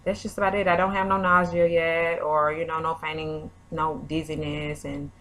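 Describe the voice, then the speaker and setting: A woman's voice: sits low, flat delivery, normal speed, fairly bright tone. A young woman talks to her camera at home in a rambling, chatty vlog. She keeps circling back with fillers and asides. A faint hum of room ambience sits behind her. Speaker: vlogger. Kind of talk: casual chat.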